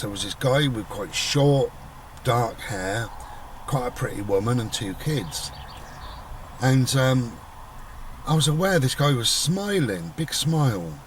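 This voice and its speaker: A middle-aged man, telling a personal story in a rambling, casual way. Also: medium pitch. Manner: rambling, conversational, voices quoted people. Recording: voice a bit far from the mic, faint background noise.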